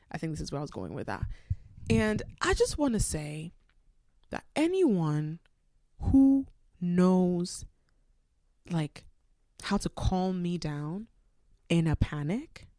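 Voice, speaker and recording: A young woman with a head cold hosts her podcast alone, her voice a bit stuffy and set slightly low. She tells a personal story in a rambling, animated, self-aware way. The sound is dry and close, with no room around it. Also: slow, pauses often, dry recording. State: congested from a cold. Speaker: podcast host.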